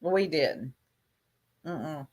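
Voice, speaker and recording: A woman's voice: low voice, lively intonation, very slow, darkish tone. A woman in casual livestream chat, gossiping in a chatty, catty, drawling way.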